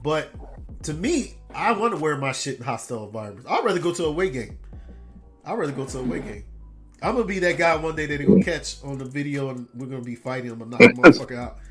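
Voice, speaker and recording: A man hosting a gaming podcast, chatting casually and telling animated, profane stories in which he loudly imitates other people. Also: on the high side, fast, faint music behind. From Detroit area. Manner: animated storyteller, swearing, loudly imitating callers. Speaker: podcast host. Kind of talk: casual chat.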